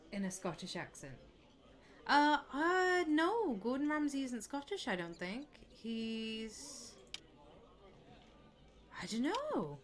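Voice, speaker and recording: A woman streaming a game live, chatting away excitably and swearing now and then. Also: mid-range voice. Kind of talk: live gameplay commentary.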